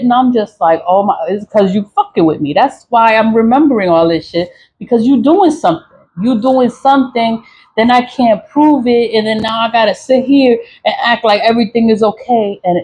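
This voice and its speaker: A woman's voice: medium pitch, darkish tone, breathy edge, dull audio. A woman venting in a casual, profane monologue, repeating herself and laughing between lines. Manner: angry, profane, repetitive venting. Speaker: vlogger.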